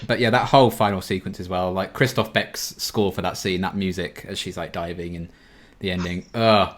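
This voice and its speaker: A man with a lowish voice talks as a guest on a podcast. His chat is casual and lively when he retells scenes. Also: moderate pace. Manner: animated, mimics characters when retelling scenes.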